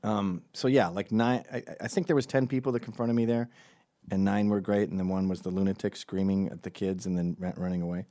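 This is a middle-aged man hosting a commentary show, giving a sardonic, profane comedic monologue of opinions and often imitating people in mocking put-on voices. He talks fairly quickly in a low, mellow voice with fairly even intonation. The sound is clean studio audio with no room sound.

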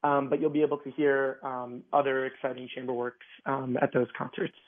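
A man at a mid pitch is chatting as a radio guest. He keeps it loose, with many fillers and restarts. The sound is thin and tinny, like a phone line. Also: flat delivery, brisk. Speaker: orchestra guest. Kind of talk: casual radio interview.

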